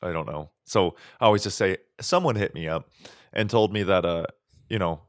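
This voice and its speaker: Low-voiced man telling a rambling story. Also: normal speed, no echo, clean studio sound. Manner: animated, profane, acts out voices in stories. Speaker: podcast co-host. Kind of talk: casual storytelling chat.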